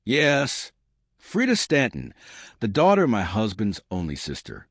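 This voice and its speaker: A man's voice: lowish voice, wildly swooping pitch, unhurried, no echo, clean studio sound, heavily acted. Man reading as a frightened, pleading wife. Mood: anxious. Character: frightened middle-aged wife, anxious, indignant. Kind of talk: audiobook reading.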